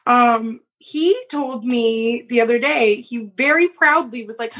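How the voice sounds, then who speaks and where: A woman's voice: a little high, unhurried, few pauses, a bit bright, rough recording. A woman co-hosting a casual chat, venting in a wry, exasperated way. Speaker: co-host.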